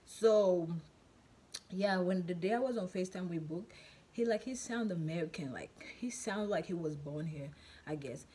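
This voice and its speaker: A woman's voice: fairly low pitch, moderate pace, warm tone, husky. A woman vlogger telling a casual storytime in a chatty, rambling way, full of fillers and repeats.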